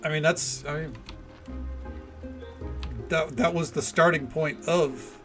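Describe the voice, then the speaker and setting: A man's voice: a little high, steady tone, slow, over music. A man, chatting casually and rambling while he streams a game. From American South. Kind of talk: casual livestream commentary.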